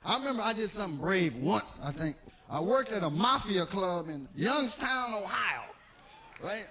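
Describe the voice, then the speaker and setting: A man doing stand-up, telling stories in an animated, profane way and acting out the people in them. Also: sits high, moderate pace, slightly rough. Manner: animated, profane, acts out characters. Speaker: stand-up comedian. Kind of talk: stand-up storytelling.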